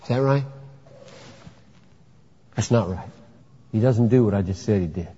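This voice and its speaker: Dramatic and emphatic, this preacher acts out courtroom scenes while teaching his sermon. He has a lowish, dark, husky voice and speaks a little slowly; the recording is lo-fi and dull, with hall echo.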